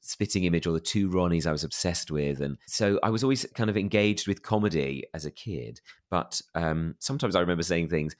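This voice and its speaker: Speaking a little fast with few pauses, this English interview guest has a low voice and a posh, plummy accent. He shares personal stories candidly and self-deprecatingly, with plenty of fillers and restarts.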